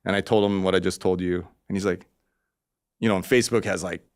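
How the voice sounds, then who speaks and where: A man, an artist guest, telling a story in casual, rambling talk, cursing freely and getting animated. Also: low voice, a little fast.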